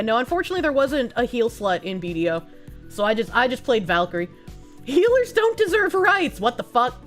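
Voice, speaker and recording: A woman streamer chatting casually with her viewers, thanking donors and swearing freely between quick laughs. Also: fairly high pitch, fairly bright tone. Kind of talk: casual livestream chat, reading donations.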